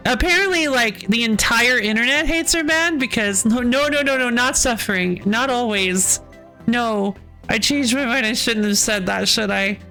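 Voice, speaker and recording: Woman streamer ranting about a game, kinda high voice, lotsa sighs n laughs, faint music behind. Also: normal speed, pushed and bright. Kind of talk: casual game stream chat.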